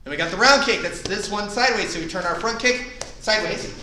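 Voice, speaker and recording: Upbeat karate instructor in an echoey hall. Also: male voice, high voice, a little fast, a little hiss or hum. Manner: upbeat coaching, counting moves with shouted kiai. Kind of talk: instructing a live online class. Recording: echoey room, voice far from the mic.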